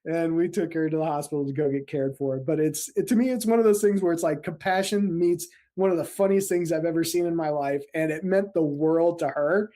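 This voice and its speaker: Man from central Illinois, paramedic guest, fairly high pitch, mellow tone, animated storyteller. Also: fairly quick, few pauses. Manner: animated, laughs often, acts out quotes. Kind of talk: casual storytelling interview.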